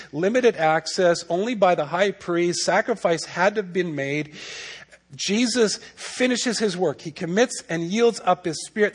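A male pastor delivers a sermon in a notably high voice. He talks in a conversational way, then leans hard on key points and keeps asking rhetorical questions. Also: a bit bright, breathy edge.

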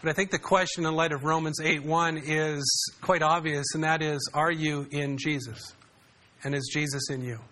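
A man's voice: on the high side, steady tone, normal speed, bright, forceful tone. A man preaching a sermon in a conversational way, often asking his congregation questions. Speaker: pastor.

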